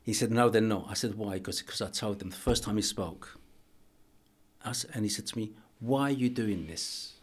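Middle-aged guy telling a story on a podcast, low voice, earnest, keeps restarting his sentences. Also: fairly even intonation, husky. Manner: earnest, halting, with many restarts and soft pauses. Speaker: archbishop and boxing coach, guest. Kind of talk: emotional storytelling in a podcast interview.

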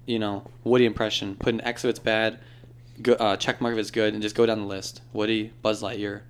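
A young man co-hosting a casual podcast, animated and jokey, tossing in playful impressions. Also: on the low side, fairly quick, clean tone. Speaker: podcast co-host.

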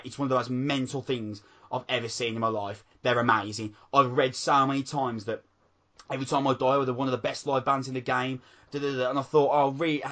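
Male podcast co-host, mid-pitched, excitable, profane, keeps saying mate. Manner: excitable, swears a lot, calls people mate. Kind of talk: casual chat.

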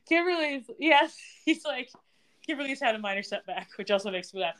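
Speaking at a moderate pace, a woman with a high-sitting voice recaps a TV soap on the casual podcast she co-hosts. She's animated, voicing the characters' lines herself and laughing along.

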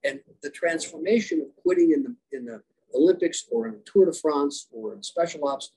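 A man who is a leadership coach and former special operations rescuer, giving animated storytelling answers in a podcast interview and acting out dialogue. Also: a little high, normal speed, a little hiss or hum, low-quality recording. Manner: animated, acts out quoted dialogue. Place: podcast conversation.

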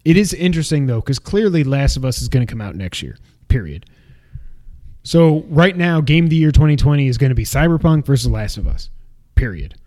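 A man co-hosts a casual gaming podcast. His pitch sits in the middle of the range. He rambles, cracks jokes and laughs at his own asides. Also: very animated, fairly quick, darkish tone. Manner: jokey, rambling, laughs at himself. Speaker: podcast co-host.

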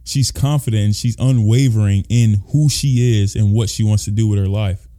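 A man's voice: on the low side, moderate pace, dark tone. A man hosting a podcast in casual chat, hyped and playful, talking with a lot of energy. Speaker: podcast host.

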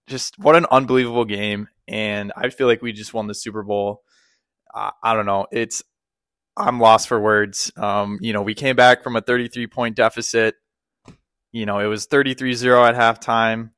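A man co-hosting a casual sports podcast, talking excitedly with lots of fillers and restarts. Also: on the low side, normal speed, clean tone, no room sound. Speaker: podcast co-host.

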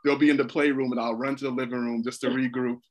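A man, a father and podcast guest, telling family stories in an expressive, emphatic way. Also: medium pitch, fast. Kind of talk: casual chat.

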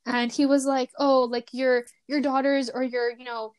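A young woman hosts a casual podcast chat, telling a story from her childhood. Her voice sits high and she talks in an animated way, full of fillers, laughing as she goes. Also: normal speed, smooth. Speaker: podcast host.

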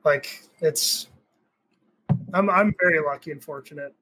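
A man's voice: fairly high pitch, measured pace, sharp tone, slightly rough, rough recording. Laid-back young man, casual guest chatter. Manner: laid-back, rambling with fillers and swearing. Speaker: podcast guest. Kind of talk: casual chat.

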